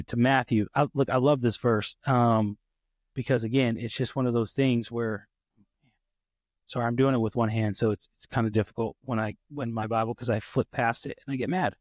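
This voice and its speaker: A man's voice: mid-range voice, darkish tone, no room sound, clean studio sound. A man co-hosting a faith podcast, talking with eager enthusiasm and often stopping mid-sentence to restart. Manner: enthusiastic, rambling, many restarts. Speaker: podcast co-host. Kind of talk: casual faith podcast chat.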